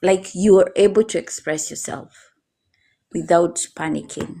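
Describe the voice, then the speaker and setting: Kenyan woman guest, dark mellow tone, lower voice, practical advice on a live stream. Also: gravelly, slight background noise. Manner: coaching, demonstrates calm versus rushed speaking. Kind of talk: casual live-stream interview. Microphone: phone or video call.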